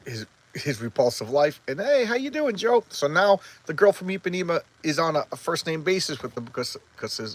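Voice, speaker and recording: A man casually walking through a comic book issue, rambling and halting with lots of restarts, openly enthusiastic about the panels he loves. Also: medium pitch, rough recording. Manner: rambling, halting, stumbles over words. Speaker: comic book collector reviewing back issues. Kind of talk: casual comic review chat.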